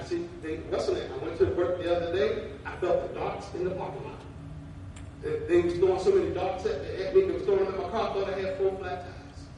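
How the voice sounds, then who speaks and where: A man preaching a sermon in a folksy, casual way that rises to fervent calls. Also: sits high. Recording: very echoey, far from the mic, faint noise.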